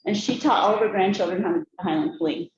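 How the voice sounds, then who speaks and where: A woman's voice: mid-range voice, fast talker. Cheerful woman telling family stories in an echoey room. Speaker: speaker giving a family talk. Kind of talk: prepared speech to a group. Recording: echoey room, slightly dull sound, faint noise.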